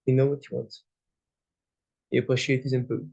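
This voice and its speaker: An earnest male job candidate, as a man acts him out, answering eagerly in slightly broken English. His voice sits at a middle pitch. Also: flat delivery, brisk, vocal fry, warm tone, highs cut off.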